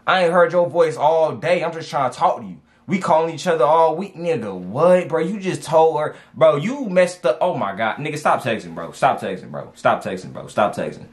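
Brief: slangy male advice vlogger, higher-pitched, lively swings, repeats himself for punch. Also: normal speed, hardly any pauses. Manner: animated, slangy, repeats for emphasis. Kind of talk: casual reaction commentary.

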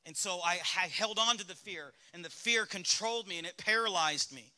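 A man's voice: high-pitched, fairly quick, bright, forceful tone. A male pastor with a Southern US accent preaching a sermon in a church, speaking candidly and asking the congregation rhetorical questions. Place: church sanctuary.

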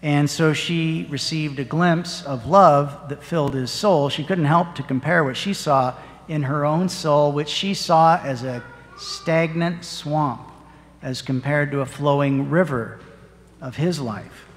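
A parish priest giving a sermon, telling a story in an earnest, measured way. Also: male voice, fairly high pitch. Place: church. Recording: long church reverb.

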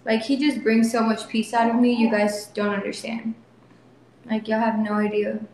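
Sitting with back pain, a young woman livestreams to her viewers in a casual way, sounding emotional and defiant and repeating herself, while using soft baby talk with her son. Her voice is fairly high with little pitch movement, at a moderate pace. The phone stream is very echoey with faint noise.

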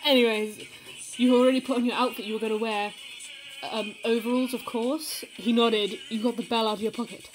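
A woman's voice: a little high, steady tone, fairly quick, music in the background, rough recording. Giggly woman reading fanfiction aloud. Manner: giggly, playful, often breaks into laughter. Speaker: fanfiction reader.

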